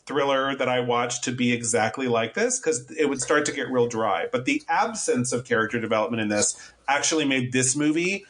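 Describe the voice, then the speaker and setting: A chatty man talking through a film he has just watched, in an easy, casual way. He muses aloud and slips into quoted asides as he reviews it with his co-host. His voice sits at an ordinary middle pitch for a man. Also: a little fast, few pauses, fairly bright tone. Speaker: podcast co-host.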